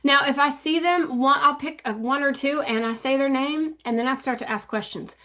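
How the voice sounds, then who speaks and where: A woman in her fifties talks straight to her viewers in a brightly pitched voice, coaching them in a loose, chatty way. She hammers her points home, circling back to the same ideas again and again. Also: normal speed. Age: 50s. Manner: emphatic, repeats key points over and over. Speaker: social media coach. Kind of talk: casual teaching talk to camera.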